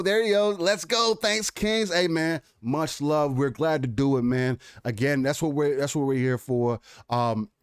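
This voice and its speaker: A man co-hosting a live gaming podcast, chatting casually with lots of fillers and restarts, energetic and warm toward the chat. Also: mid-range voice, clear, resonant tone, no room sound, studio quality. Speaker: podcast co-host.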